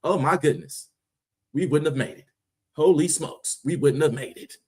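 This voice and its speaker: A man's voice: fairly high pitch, normal speed, darkish tone, slightly rough. A man hosting his own stream, giving an impassioned, preachy monologue full of slang and rhetorical questions. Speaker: streamer, host.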